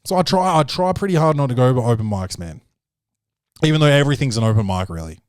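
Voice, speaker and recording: A man's voice: medium pitch, a little mellow, dry recording, clean studio sound. A man hosting a comedic podcast, rambling in a jokey, profane way and slipping into quoted voices. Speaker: podcast host. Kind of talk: comedic film-review podcast rant. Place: home podcast studio.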